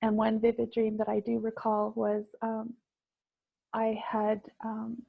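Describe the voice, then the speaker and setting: Gravelly, husky woman telling a story. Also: a little high, monotone, no echo, phone-quality sound. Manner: reflective, halting with many fillers. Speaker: guest. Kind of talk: personal storytelling in conversation.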